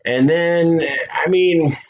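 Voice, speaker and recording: A man from the United States, co-hosting a podcast and telling stories in a loose, profane, animated way. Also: a little high, slow pace, dull audio. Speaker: podcast co-host. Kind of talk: casual chat.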